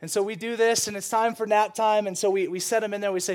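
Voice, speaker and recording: This young preacher talks in a fairly high voice. He is animated and playful, and he keeps breaking into laughter as he tells stories from the pulpit. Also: fast talker, few pauses. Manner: animated, joking, laughs often. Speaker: pastor. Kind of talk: sermon.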